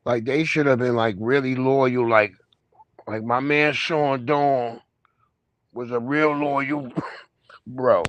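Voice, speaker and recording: A man's voice: medium pitch, fairly even intonation, slow pace, long pauses, fairly bright tone. Profane, slangy man hosting a live stream. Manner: loose, profane, slangy storytelling. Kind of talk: casual commentary on clips.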